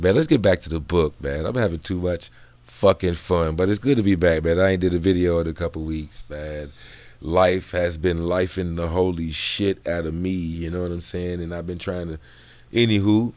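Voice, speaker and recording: A man with a lowish voice gives loose, profane commentary on a book, wandering off on tangents and laughing between thoughts. The recording is dry, with no room sound.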